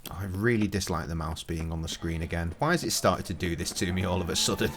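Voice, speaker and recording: An English man in his thirties, streaming a game with sweary, jokey commentary and sudden loud outbursts. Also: low-pitched, quick pace, background noise. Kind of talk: casual gaming commentary.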